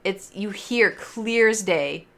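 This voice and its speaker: A woman's voice: medium pitch, slow pace, bright, forceful tone. A young woman streamer telling stories to her chat in a casual, rambling way, full of fillers and swearing. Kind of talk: casual livestream storytelling.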